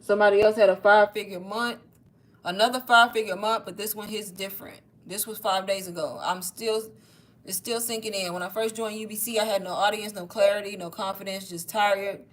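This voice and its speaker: A young woman talks straight to her livestream viewers in a loose, chatty pitch, calling them "y'all" again and again. She sounds a bit out of breath as she keeps urging people to ask questions in the chat. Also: steady tone, brisk. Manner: chatty, says "y'all" constantly. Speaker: online course seller hosting a livestream. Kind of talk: casual livestream sales pitch.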